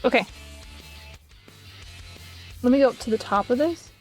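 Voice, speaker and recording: A young woman streaming live, chatting casually to her viewers, giggly and gushing, swearing now and then while she thinks out loud. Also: fairly high pitch, moderate pace, faint music behind. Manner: thinks aloud while searching on her computer. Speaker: art streamer.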